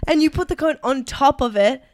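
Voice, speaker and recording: An excitable woman co-hosting a podcast in casual chat. She talks emphatically and giggles often. Her voice sits fairly high and swings widely in pitch. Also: a little fast, crowd noise. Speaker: podcast co-host.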